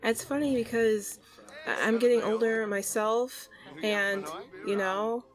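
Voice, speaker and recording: A woman's voice: a little high, steady tone, slow. Play her as a woman voicing a friendly young cousin from a life-sim game: easy, kind, a little hesitant as she shares her plans. Stay in your natural register.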